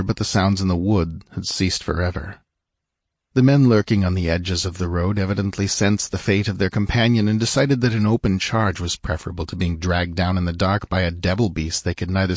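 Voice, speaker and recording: A man narrating an action-filled fiction story, measured and dramatic, slowing for grim moments and lifting for the fighting. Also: deep voice, no room sound, studio quality. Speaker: audiobook narrator.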